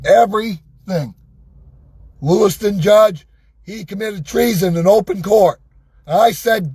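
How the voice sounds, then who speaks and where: A worked-up man ranting sarcastically in a vlog from inside a vehicle, his voice going hoarse. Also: sits high, unhurried, darkish tone, dry recording. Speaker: vlogger. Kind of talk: angry ranting monologue.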